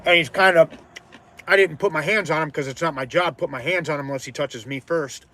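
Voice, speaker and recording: A man hosting a casual live stream as an artist, rambling with lots of fillers and restarts, loud by his own account. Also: a little high, fairly quick. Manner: loud-mouthed, self-described.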